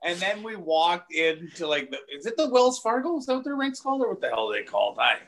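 Bright-voiced man telling loose stories. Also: high-pitched, sing-song, fast. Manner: loose, profane anecdotal storytelling with laughs. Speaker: comedian guest. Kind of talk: casual storytelling chat.

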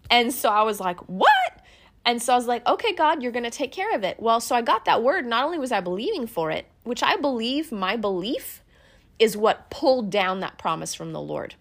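A woman's voice: on the high side, animated, brisk, vocal fry. A woman giving an earnest, conversational faith teaching built on personal stories, with many fillers and restarts. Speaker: Christian teacher.

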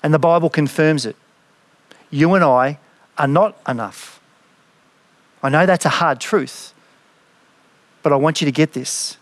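A fairly high-voiced man preaches a sermon in an earnest, reflective manner. He reads scripture aloud with drama and pauses to ask searching questions. The sound is close and dry. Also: no echo. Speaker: pastor.

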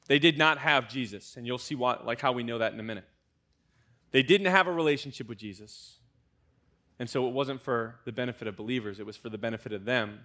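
A young American man, a student pastor, preaching a conversational sermon with lively asides to the congregation. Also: medium pitch. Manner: conversational, animated preaching with fillers and audience asides.

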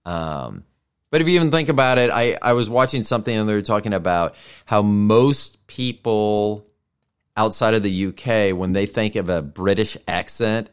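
Rambling low-voiced man hosting a podcast. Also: smooth. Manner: rambling, self-deprecating, thinks aloud. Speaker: podcast host. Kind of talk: casual solo podcast monologue.

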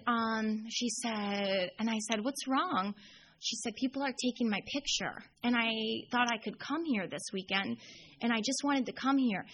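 A woman's voice: on the high side, a bit bright, rough recording. A young woman telling a long personal story at a recovery meeting, chatty and full of fillers. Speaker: AA speaker. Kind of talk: storytelling talk.

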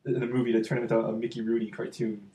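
A man's voice: medium pitch, level tone, racing, mellow. A man co-hosting a casual podcast, arguing his point bluntly and stumbling over restarts. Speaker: podcast co-host. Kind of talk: casual chat, debate. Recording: roomy echoey room.

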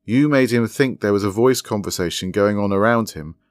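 A man's voice: fairly low pitch, fairly quick, dry recording, studio quality, natural voice. A man voicing a cheerful, clever woman who speaks with wry amusement. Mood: amused.

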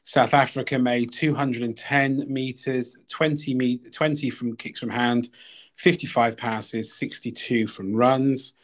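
A man hosting a casual sports chat, steady when he reads out lists of numbers. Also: medium pitch, measured pace. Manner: reads off statistics in a steady list. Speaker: podcast host.

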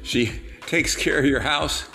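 A man's voice: a little high, unhurried, vocal fry, pushed and bright, faint music behind. A man hosting a podcast, delivering a rambling, preachy monologue full of repetitions and jokes. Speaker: podcast host and political candidate.

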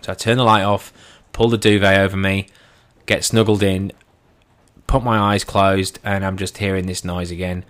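A man telling a first-person anecdote in an animated way, acting out his own lines and his friends' lines as he goes. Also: sits low, normal speed. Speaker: storyteller.

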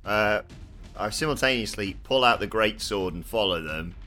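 A man's voice: lowish voice, lively intonation, moderate pace, bright, forceful tone, soft background music. A British man playing a tabletop game with dry, offhand banter. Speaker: player.

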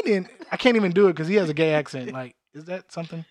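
High-voiced man telling jokey stories. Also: quick pace, hardly any pauses, no room sound, studio quality. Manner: animated storytelling, jokey impressions; profane slang. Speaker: podcast co-host. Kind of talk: casual chat.

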